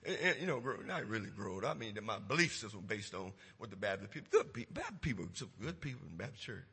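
A preacher tells a folksy story in his sermon and rises to loud, emphatic points in the church. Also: lowish voice, sing-song, fast, breathy edge, big-room sound. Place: church sanctuary.

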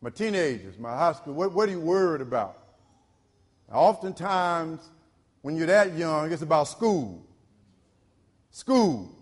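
Preacher man, voice jumps all over, big loud-to-quiet swings, long church echo. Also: animated, unhurried, pauses often, slightly rough. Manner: call-and-response preaching, repeats phrases, swings from loud to low. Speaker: pastor. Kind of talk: sermon.

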